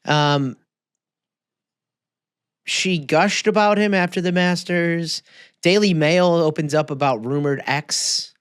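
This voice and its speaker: A man's voice: a little high, slow, long pauses, fairly bright tone, smooth, dry recording, clean studio sound. A man co-hosting a sports podcast, chatting casually, swearing freely and laughing often. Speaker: podcast co-host.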